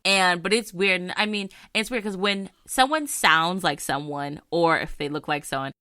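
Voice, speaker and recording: A woman's voice: on the low side, normal speed, pushed and bright, no echo, studio quality. A woman co-hosting a podcast, telling stories in casual chat and giggling often. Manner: giggly, chatty storyteller. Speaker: podcast co-host.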